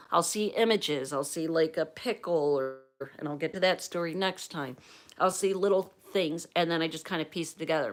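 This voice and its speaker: Hosting a livestream, a Pennsylvania woman with a fairly low voice shares a personal story, animated and chatty, voicing the quotes as she goes.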